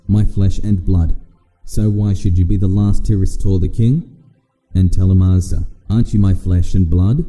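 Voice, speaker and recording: A man with a low, very dark and mellow voice reads scripture aloud in a steady, measured way. His voice carries a long reverb tail, as if in a large hall. The delivery is calm and even. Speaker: Bible reader. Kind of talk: scripted audio Bible reading.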